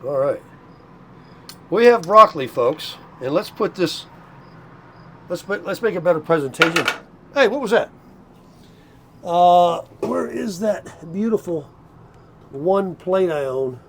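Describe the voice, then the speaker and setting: A man's voice: a little high, animated, measured pace, pauses often, noisy background. An older man chatting casually while cooking at his RV, folksy and a little out of breath. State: tired, short of breath. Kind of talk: casual vlog chat to camera. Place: RV park, indoors and out.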